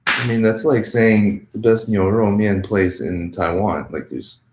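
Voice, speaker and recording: A man hosting an English-learning channel, answering viewer questions in a relaxed, chatty way full of "like" and "um". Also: lowish voice, unhurried, reverberant, noisy background. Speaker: English teacher, channel host.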